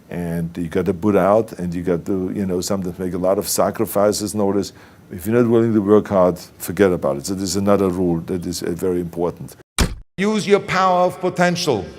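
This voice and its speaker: A man's voice: deep voice, darkish tone. An older man with a German accent giving a motivational speech, stressing key phrases and repeating them for emphasis. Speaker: public speaker.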